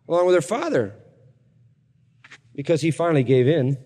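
A man's voice: fairly high pitch, big pitch swings, moderate pace, darkish tone. Wry, storytelling male preacher, echoing hall. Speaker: pastor. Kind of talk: Bible teaching sermon. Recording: long hall reverb.

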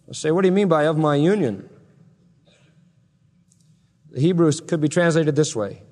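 A man preaching an expository sermon, swinging from loud proclamation to hushed emphasis. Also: on the high side, animated, normal speed, long pauses. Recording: long hall reverb.

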